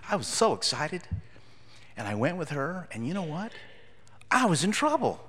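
A man gives a children's sermon, telling a story from his school days and quizzing the kids as he goes. His pitch swings widely as he talks, and his voice rings through a large, echoey church hall. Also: moderate pace, long pauses, husky. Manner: animated, asks the children questions. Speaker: pastor giving a children's message.

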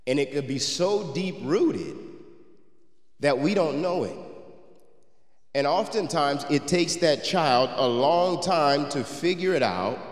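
A man preaching a sermon. He reads old scripture, then tells a personal story that moves him. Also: medium pitch. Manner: gets emotional and quiet while telling the story. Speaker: pastor. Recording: roomy hall with long reverb.

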